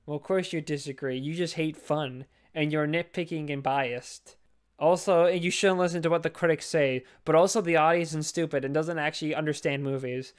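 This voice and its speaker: Smooth-voiced young man, rambling and jokey. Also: fairly high pitch, steady tone, normal speed. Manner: rambling, profane, jokey, full of fillers. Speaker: podcast co-host. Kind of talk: casual chat.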